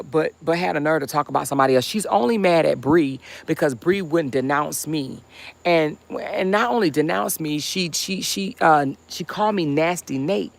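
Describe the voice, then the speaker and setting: A woman's voice: low-pitched, vocal fry. A woman hosting a casual livestream, talking bluntly and heatedly with chatty asides. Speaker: livestream host.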